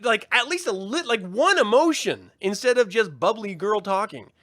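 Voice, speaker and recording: A man co-hosting a casual review podcast, talking in an animated way, swearing and mocking in impressions. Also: high-pitched, moderate pace, no echo, clean studio sound. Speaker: podcast co-host.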